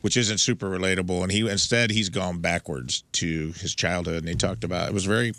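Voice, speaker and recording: A man's voice: deep voice, fairly even intonation, pushed and bright, dry recording. A man, a comedian and regular on the show, telling laid-back stories in casual podcast chat. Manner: laid-back storyteller, drawn-out anecdotes.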